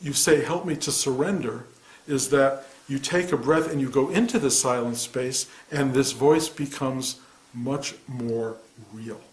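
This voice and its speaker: A man in his sixties, a meditation teacher, giving a soft-spoken, reflective spiritual talk in answer to a student. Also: mid-range voice, measured pace. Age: 60s. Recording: echoey room.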